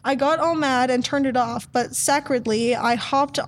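A high-pitched woman reads a fan fiction aloud for laughs, dramatizing the lines and dissolving into giggles between them. A faint hiss of noise sits under her voice. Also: steady tone, normal speed. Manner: giggly, breaks into laughter often. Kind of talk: comedic dramatic reading.

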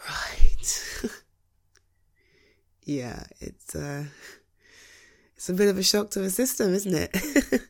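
Soothing woman, whispered role-play, slow and gravelly. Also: mid-range voice, animated, darkish tone. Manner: soothing, reassuring, giggly. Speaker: comforting partner in a role-play.

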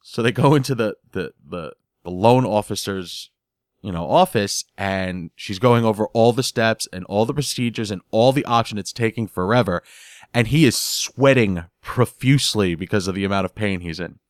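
A man casually recapping a sitcom episode in an animated way. He laughs as he goes and often repeats words while he hunts for the next one. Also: lowish voice, normal speed, dry recording, clean studio sound.

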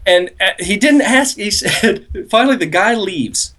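A man's voice: sits high, sing-song, takes it slowly, long pauses, background noise. Podcast co-host, male, rambling storyteller who laughs at his own prank tale. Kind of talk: casual storytelling.

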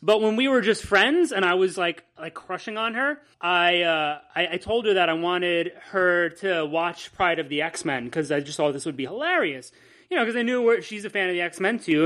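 A man's voice: sits high, a bit bright. A man co-hosting a podcast in casual chat, rambling and enthusiastic, cursing freely. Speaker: podcast co-host.

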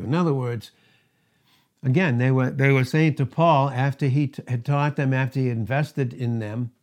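A man's voice: mid-range voice, a little mellow. A male pastor preaching a sermon, emphatic, with rising and falling intensity.

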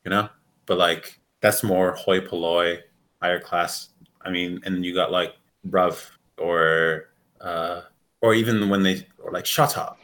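A man from the United States chatting casually as a co-host, rambling and animated, swearing freely and laughing often. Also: low-pitched, measured pace. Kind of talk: casual chat.

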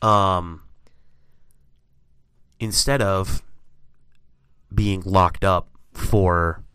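A chatty man who swears freely as he tells his stories, his voice sitting low and smooth. The sound is dry and close, with no room around it. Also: drawn-out words, dry recording. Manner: profane, animated storyteller. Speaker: podcast co-host. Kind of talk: casual chat.

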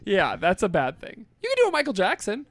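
A man trades teasing banter on a podcast, laughing often, his pitch swooping up and down. The sound is close and dry. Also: huge pitch swings, fairly quick, fairly bright tone, no echo. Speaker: podcast co-host. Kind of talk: casual chat.

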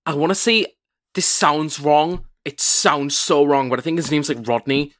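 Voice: medium pitch, moderate pace, fairly bright tone. A co-host chatting casually, playful and reactive. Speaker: podcast co-host. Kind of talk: casual chat.

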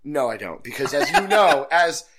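Guy cohosting a wrestling podcast, kinda high voice, joking around, reading emails. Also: very animated, moderate pace, a bit bright, slight background noise. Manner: joking, reads listener emails aloud. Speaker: podcast co-host. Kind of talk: casual chat.

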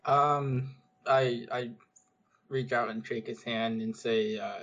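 A man's voice: medium pitch, level tone, slow, a bit bright. A man playing in a tabletop game, speaking in a hesitant, rambling way. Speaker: player. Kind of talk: tabletop role-play. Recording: dull lo-fi sound.

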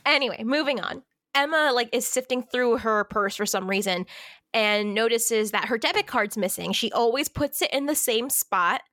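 A young woman with a fairly high voice reviews a book in loose, casual chat, swearing and laughing as she goes. The sound is close and dry, with no room around her. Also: normal speed, no room sound. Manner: swearing, laughing, animated and informal. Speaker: podcast co-host, book critic.

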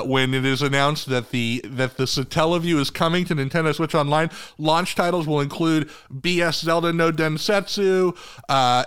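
Smooth-voiced man joking around. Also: a little high, a bit bright, dry recording. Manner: joking, rambling, swears casually. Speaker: podcast co-host. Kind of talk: casual chat.

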